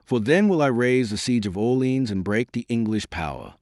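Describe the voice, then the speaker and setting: A man voicing a steadfast, devout young peasant maiden in an audiobook, speaking softly and solemnly. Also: medium pitch, lively intonation, moderate pace, no echo, studio quality, lightly acted. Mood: earnest. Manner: soft, earnest and solemn.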